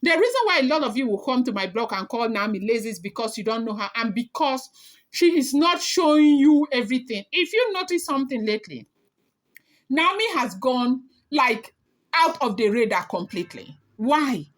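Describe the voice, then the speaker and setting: A woman's voice: a little high, sing-song, moderate pace. Chatty, emphatic woman gossip blogger. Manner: chatty, emphatic, addresses viewers directly. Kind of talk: casual gossip commentary.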